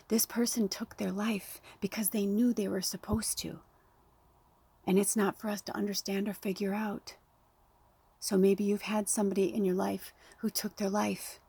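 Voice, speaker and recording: Gravelly, breathy woman talking earnestly. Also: medium pitch, mellow, dry recording. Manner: earnest, heartfelt, blunt with swearing. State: close to tears. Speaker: spiritual medium. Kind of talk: emotional direct-to-camera talk.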